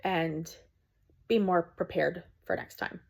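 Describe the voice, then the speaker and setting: A woman's voice: fairly low pitch, steady tone, slow pace, creaky. Earnest woman ranting to camera at home. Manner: earnest and preachy, with frequent ums. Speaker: small content creator. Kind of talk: casual rant to camera.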